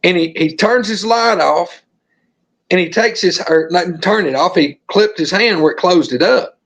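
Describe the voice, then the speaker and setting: High-voiced Southern storyteller man. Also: normal speed. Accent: Southern American. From Alabama, USA. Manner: animated, acts out the scenes. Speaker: podcast guest. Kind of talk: storytelling in a podcast interview.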